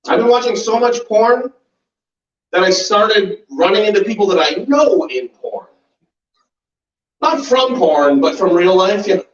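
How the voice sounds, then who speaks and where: Man in his forties, stand-up comedian, lively swooping pitch, fairly high voice, profane storytelling, heard from a distance in a roomy, muffled live recording. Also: a little slow, long pauses. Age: 40s. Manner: animated, profane, with laugh and voice impressions. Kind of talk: stand-up set. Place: small comedy club basement.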